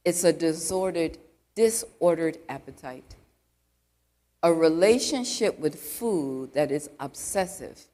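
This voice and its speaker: A woman church elder delivers a conversational sermon to a live congregation inside a church. Her voice is low and mellow, animated yet unhurried, and she chats along with plenty of "you know" asides while quizzing the crowd with questions.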